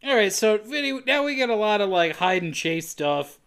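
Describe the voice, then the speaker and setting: A man's voice: sits high, big pitch swings, moderate pace, fairly bright tone, smooth. A man co-hosting a casual comedy podcast, narrating a film's plot with jokey asides. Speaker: podcast co-host recapping a film.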